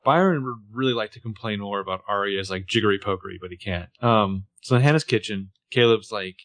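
A man's voice: on the low side, fairly quick, hardly any pauses, a bit bright. A man co-hosting a casual recap podcast, narrating scenes with wry, joking asides. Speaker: podcast co-host recapping a TV episode. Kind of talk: casual chat.

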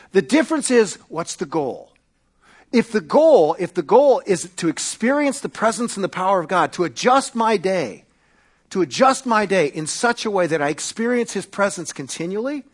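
A man preaching a sermon as pastor, swinging from loud emphatic peaks to quiet asides, with frequent restarts. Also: sits high. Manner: retells stories with quoted voices, self-correcting restarts.

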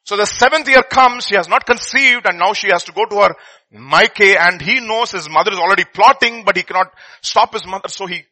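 A middle-aged man telling a story in a sermon, swinging between loud and hushed. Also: high-pitched, a little fast, no room sound, rough recording.

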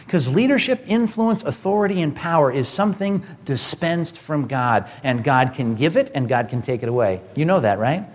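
A man preaching a sermon, building to emphatic, animated peaks. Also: high-pitched. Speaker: pastor. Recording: hall reverb.

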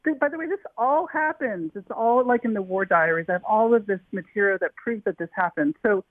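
A woman author tells a wartime story to an interviewer with eager energy, often restarting her sentences. Her voice comes down a tinny, dry phone line. Her pitch sits in the middle range. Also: a little fast, no room sound. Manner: eager, with frequent restarts and fillers. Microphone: telephone.

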